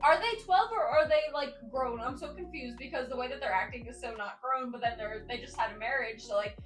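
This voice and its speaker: A woman's voice: high-pitched, brisk. A woman hosting a casual chat, reading Reddit stories aloud in a rambling, filler-heavy way, sitting in a spinny chair. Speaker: host. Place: indoors at home in a spinny chair. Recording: echoey room, faint background music.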